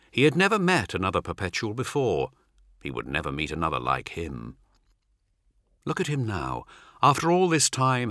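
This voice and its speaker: A man reads a dark fantasy novel in a low, unhurried voice. His pitch moves expressively and his tone is bright and forward. The recording is dry and close, like a studio booth. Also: dry recording. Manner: measured, dramatic reading. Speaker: audiobook narrator. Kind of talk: scripted narration.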